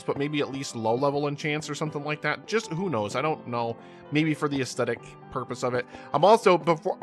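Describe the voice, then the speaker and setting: A man with a bright, forward voice talks through his gameplay in a loose, rambling way, circling back and repeating words as he goes. He is hosting his own gaming channel, and faint music plays underneath. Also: medium pitch. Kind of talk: casual gameplay commentary.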